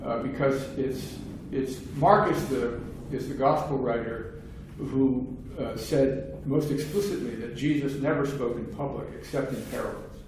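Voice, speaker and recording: A man's voice: medium pitch, measured pace, hardly any pauses, darkish tone. An older man speaks in a discursive academic manner, with many restarts and fillers. The recording is distant and heavily echoey. Faint background hiss sits under his voice. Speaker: philosophy lecturer. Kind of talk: seminar talk. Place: seminar room.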